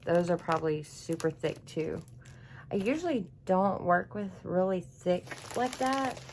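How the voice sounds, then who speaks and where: A woman's voice: lowish voice, expressive, a little slow, a little hiss or hum. Emotional gushing woman crafter. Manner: gushing, emotional, chatty, says y'all a lot. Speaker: craft YouTuber. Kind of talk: casual craft unboxing vlog. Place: home craft room.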